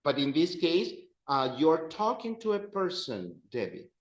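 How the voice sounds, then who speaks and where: A man teaching a grammar class, playful and animated, repeating phrases and addressing students. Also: a little high, measured pace, reverberant. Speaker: Spanish teacher.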